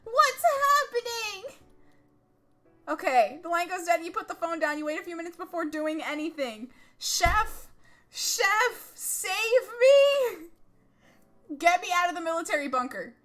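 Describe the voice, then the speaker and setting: High, bright excitable woman streamer. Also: quick pace, few pauses. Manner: excitable, dramatic, swearing. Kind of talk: live-streamed text game play.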